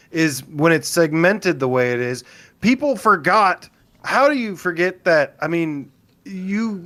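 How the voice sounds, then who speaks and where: An opinionated man co-hosting a casual gaming podcast, talking in quick bursts and cutting himself off mid-thought. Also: a little high. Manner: opinionated, animated, self-interrupting. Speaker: podcast co-host.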